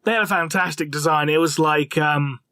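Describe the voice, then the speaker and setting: A man co-hosting a lore livestream, talking in a relaxed, jokey way with lots of fillers. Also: a little high, moderate pace, no room sound. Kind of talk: casual livestream chat.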